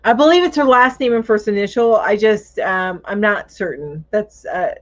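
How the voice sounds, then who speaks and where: A woman's voice: medium pitch, normal speed. A woman hosting a crochet live chat, reading viewer comments aloud in a chatty, casual way, thinking aloud and laughing easily. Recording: dull lo-fi livestream audio.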